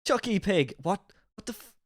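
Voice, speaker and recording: A man's voice: sits high, expressive, moderate pace, dry recording, clean studio sound. A man streaming a reaction to a video, riffing with incredulous, swearing commentary.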